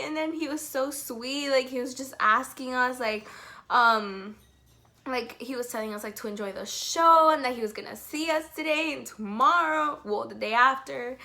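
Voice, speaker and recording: Young woman vlogger, higher bright voice, gushing giggly storytime delivery. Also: normal speed. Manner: gushing, lots of "like", breaks into giggles. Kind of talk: excited storytime vlog.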